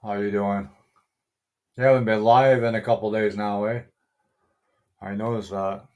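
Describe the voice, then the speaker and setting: A man's voice: on the low side, fairly even intonation, measured pace, darkish tone. A middle-aged man hosting a casual live stream, greeting viewers by name, chuckling often and swearing mildly. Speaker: livestream host.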